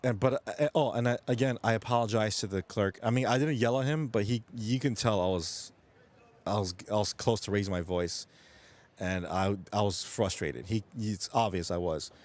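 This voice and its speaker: This male late-night streamer, who says he came from New York, swears often and rambles as he chats with viewers, frequently starting sentences over. His voice is on the low side and a little mellow, at a normal speed.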